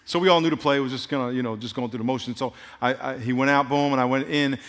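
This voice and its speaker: A man preaching a sermon, telling animated stories and cracking playful jokes to his congregation. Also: mid-range voice, quick pace. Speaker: pastor. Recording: long hall reverb.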